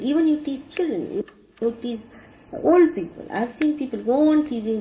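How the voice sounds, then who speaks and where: A warm, mid-range female voice is heard on a low-quality archival recording with faint hiss. The spiritual teacher preaches earnestly to her followers about right conduct, demonstrating every point with her gestures.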